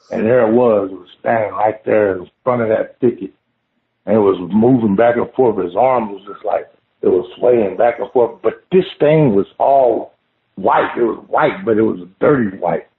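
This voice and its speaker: A man casually telling a scary story of his own, animated and swearing, saying "man" at every turn. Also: medium pitch. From Oklahoma. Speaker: guest telling an encounter story. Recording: phone-line call audio.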